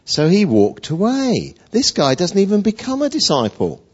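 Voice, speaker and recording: A man preaching a sermon in an animated storytelling way, acting out quotes. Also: high-pitched, normal speed, husky. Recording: dull lo-fi recording.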